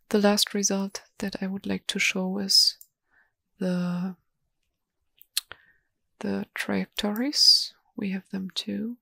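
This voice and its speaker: Female webinar presenter, halting and monotone, dry sound with mouse clicks. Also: medium pitch, gravelly, husky, no room sound. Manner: slow, hesitant, many ums and restarts. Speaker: software presenter. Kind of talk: live software demo webinar.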